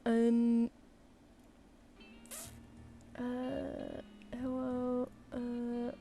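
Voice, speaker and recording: A woman's voice: a little high, completely flat delivery, drawn-out words, creaky, warm tone, faint music behind. A British woman chatting casually on a live stream at home, cooing at her cat and giving it commands between comments. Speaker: artist streamer. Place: home room.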